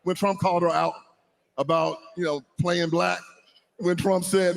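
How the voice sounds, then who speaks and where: A man on a political panel, speaking forcefully with rising emphasis. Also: sits high, flat delivery, a little slow, creaky. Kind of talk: heated political panel talk.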